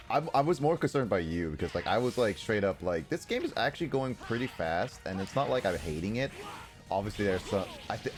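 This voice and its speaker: A man streaming a video game, chatting casually, laughing often and restarting his sentences. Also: on the low side. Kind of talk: casual gameplay chat.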